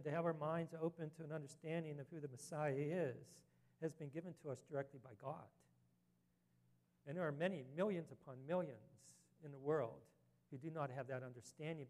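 A man's voice: on the high side, fairly even intonation, moderate pace. A man preaching an earnest sermon as a pastor, rising to emphatic scripture reading.

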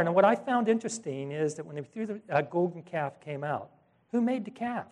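A man's voice: fairly high pitch, brisk. A man preaching a sermon in a conversational way, retelling scripture with asides and acting out the voices in the story. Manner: animated storytelling, acts out quoted voices; conversational asides and self-corrections. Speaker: pastor.

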